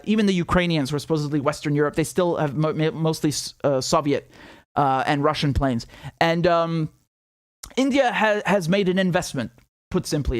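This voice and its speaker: A man's voice: a little high, dry recording, clean studio sound. A young adult man hosting a live political commentary stream, talking in a heated, sarcastic and profane way, stumbling over restarts and reading viewer donation messages aloud. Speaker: independent political commentator and host.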